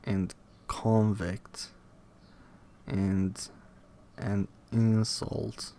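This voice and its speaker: Slow, low-key man reading a textbook. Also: dark tone, slight background noise. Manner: slow, halting reading, repeats words to test stress. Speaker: reader studying a linguistics textbook aloud. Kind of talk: casual read-aloud study session.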